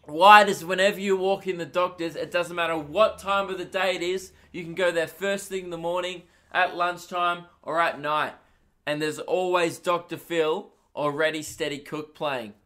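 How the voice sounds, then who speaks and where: Crude, animated comic. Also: male voice, fairly high pitch, moderate pace. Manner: animated, crude, self-mocking. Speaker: podcast host, comedian. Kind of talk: stand-up style storytelling.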